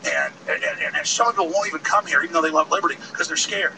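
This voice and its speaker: A man's voice: fairly high pitch, huge pitch swings, fast talker, creaky. A man hosting a live broadcast outdoors by a road, with an impassioned, ranting, emphatic delivery. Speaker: host. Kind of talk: fiery outdoor protest broadcast. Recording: distant mic, loud street noise.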